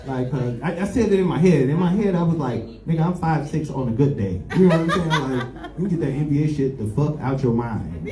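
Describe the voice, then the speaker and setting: A man performing stand-up, rambling through profane stories packed with filler and side remarks. His voice carries through a roomy club, set back from the mic. An audience laughs and claps loudly around him. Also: fairly high pitch, expressive, brisk, hardly any pauses, far from the mic. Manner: loose, profane storytelling with lots of filler. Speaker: stand-up comedian. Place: comedy club stage with a live audience. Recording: roomy live club recording with crowd. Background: audience laughing and clapping.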